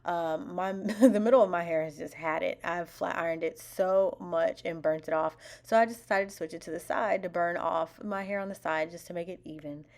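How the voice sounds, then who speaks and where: A woman's voice: fairly low pitch, moderate pace, creaky, few pauses. A woman talking through a hair tutorial in a casual voice-over, chatty and full of fillers, laughing at herself now and then. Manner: self-deprecating, laughs at herself. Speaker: beauty vlogger.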